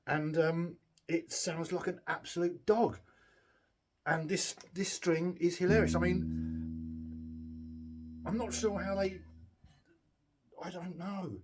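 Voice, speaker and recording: A man's voice: high-pitched, husky. Rambling sweary man. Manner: rambling, sweary, self-mocking. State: tired and a bit giddy. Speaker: guitar repair vlogger. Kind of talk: casual chat. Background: guitar playing.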